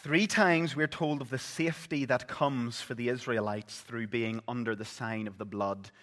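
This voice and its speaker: A man preaching a sermon, telling the story vividly and swinging between loud, urgent passages and hushed ones. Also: medium pitch, fairly even intonation, normal speed. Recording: long reverb of a large hall.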